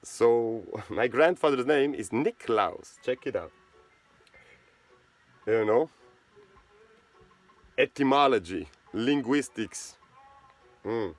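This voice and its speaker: A man's voice: mid-range voice, expressive, takes it slowly, pauses often. Swiss German-accented man, rambling monologue. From Switzerland. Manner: rambling, repeats words, asks "right?". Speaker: channel host. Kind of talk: casual monologue.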